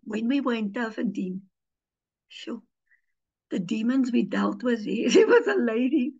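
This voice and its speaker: A woman pastor preaches with lively storytelling, slipping into the voices of the people she quotes. Her voice sits a little high for a woman's. The audio is muffled and lo-fi. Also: measured pace, gravelly, husky. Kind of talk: teaching sermon with personal stories.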